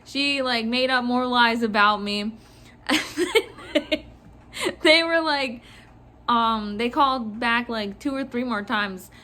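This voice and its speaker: A woman who works in retail telling a casual storytime about a customer, animated and often laughing. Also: on the high side, a little slow. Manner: animated, laughing, mimicking others. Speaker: retail store worker.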